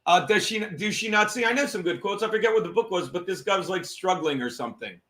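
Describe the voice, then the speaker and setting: Brief: male comedy podcast host, bright high voice, profane and mocking, roomy echo. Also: lively intonation, quick pace. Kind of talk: casual comedic rant.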